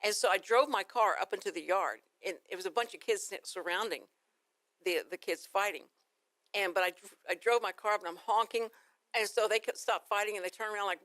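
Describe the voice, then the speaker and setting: A woman's voice: medium pitch, brisk, fairly bright tone, no echo. A woman with a Texan accent hosting a casual morning radio talk show, rambling through stories and laughing easily. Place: radio studio. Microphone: studio microphone.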